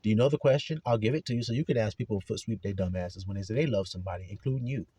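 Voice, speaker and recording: A man's voice: lowish voice, very fast, mellow, husky, no room sound. A man preaching a blunt, profane religious monologue with heavy cursing. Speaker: religious speaker.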